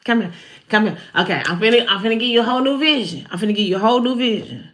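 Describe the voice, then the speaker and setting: A woman voicing God, calm and coaxing. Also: fairly high pitch, very fast, close to an everyday voice. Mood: patient, testing. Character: God, male, patient and testing.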